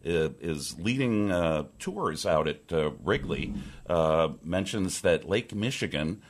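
A man's voice: deep voice, lively intonation, slow pace. A man hosting a political radio talk show from a statehouse press room, rambling with many fillers and restarts.

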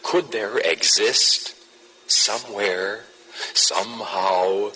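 Slow, very deep male announcer. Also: sharp tone, a little hiss or hum, poor audio. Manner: ominous, drawn-out delivery. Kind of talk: dramatic promo narration.

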